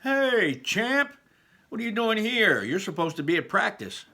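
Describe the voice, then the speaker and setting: A man voicing a loud, hearty, middle-aged father who talks with jovial bluster and brushes off concerns. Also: very animated, unhurried, exaggerated voice. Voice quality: booming, boisterous.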